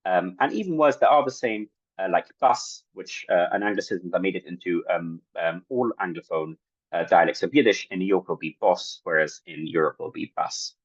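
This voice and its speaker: A man giving an academic talk at an online workshop, halting and full of fillers, on video-call audio. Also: low-pitched, expressive, slightly rough, no room sound, muffled recording. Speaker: workshop presenter.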